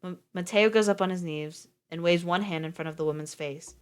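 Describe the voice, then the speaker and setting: A woman's voice: fairly low pitch, a little fast, clear, resonant tone. A woman streamer reading a story aloud live, breaking off for casual, swearing asides.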